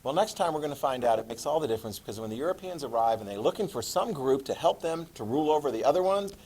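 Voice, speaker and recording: A man teaching a classroom lecture, chatty and animated, often checking in with his students. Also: mid-range voice, quick pace, a little hiss or hum, rough recording.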